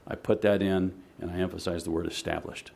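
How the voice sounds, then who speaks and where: A man giving a measured, explanatory presentation to a city commission in a meeting chamber, often pausing on "uh". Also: low voice, flat delivery, gravelly, darkish tone. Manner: measured and explanatory, with frequent "uh" fillers.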